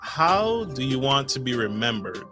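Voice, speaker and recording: A man's voice: medium pitch, big pitch swings, measured pace, music in the background. A man hosting a podcast interview, enthusiastic and affirming, asking questions and speaking straight to his listeners. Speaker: podcast host.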